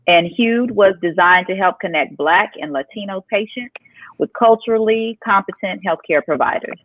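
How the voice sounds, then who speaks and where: A woman's voice: medium pitch, moderate pace, dry recording. A woman co-hosting a talk show, reading out news items in an upbeat way. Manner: upbeat, reads items then asks for thoughts. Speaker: co-host. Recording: dry, tinny phone-like line.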